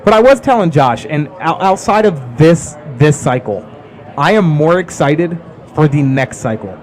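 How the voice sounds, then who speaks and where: A man hosting a casual sports chat, steering the talk with quick dismissive jabs. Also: fairly high pitch, animated. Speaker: podcast host.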